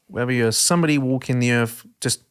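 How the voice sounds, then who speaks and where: A man hosting a casual podcast chat, his voice sitting at an ordinary middle pitch. He talks with animated passion, leaning into his points. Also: a little fast, clean tone. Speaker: podcast host.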